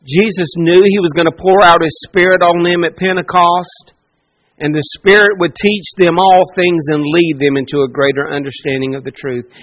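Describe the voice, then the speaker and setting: Pastor, male, high voice, fervent sermon delivery with repeated lines. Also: fairly even intonation, normal speed, a bit bright, rough recording. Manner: impassioned, repetitive preaching with dramatic quoted speech.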